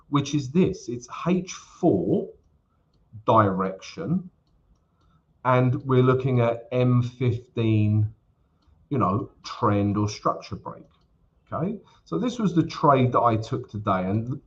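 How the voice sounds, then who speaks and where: A man hosting a live trading stream, chatting casually with viewers and filling his talk with ums and asides. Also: mid-range voice. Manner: chatty, many fillers, addresses viewers as guys. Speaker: forex trading livestream host. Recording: slightly dull lo-fi stream audio.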